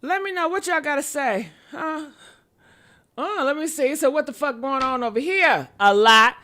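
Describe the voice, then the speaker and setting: A woman hosting a casual live-stream in a high, bright, sharp voice. She talks loudly and playfully and often breaks into yelling. At times she drops to a softer, quieter tone. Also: moderate pace. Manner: swings between loud outbursts and a quieter put-on mature tone. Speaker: host.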